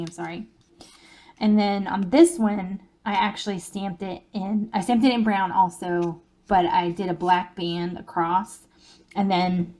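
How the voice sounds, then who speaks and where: A woman's voice: on the low side, a little mellow. A woman, chatting casually as she shows a crafting project in her own video. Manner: chatty, folksy, with fillers and small laughs.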